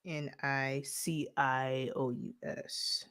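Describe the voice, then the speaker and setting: A woman from Detroit hosting a casual livestream, reading viewer comments aloud in a playful, animated way and laughing often. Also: rumbling low, very slow, clear, resonant tone, no room sound, clean studio sound. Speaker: livestream host.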